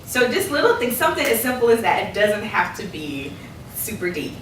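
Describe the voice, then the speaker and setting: A woman coaching a workshop audience on public speaking, lively and laughing often as she acts out quotes. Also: medium pitch, a little fast, distant mic, background noise. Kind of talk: workshop presentation. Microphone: distant room mic. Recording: echoey room recorded from afar.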